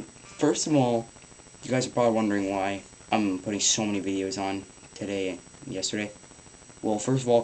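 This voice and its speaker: A teenage boy giving casual advice in a rambling home vlog, swearing offhandedly and filling pauses with ums. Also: low-pitched, slight background noise, low-quality recording. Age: teens. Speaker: vlogger.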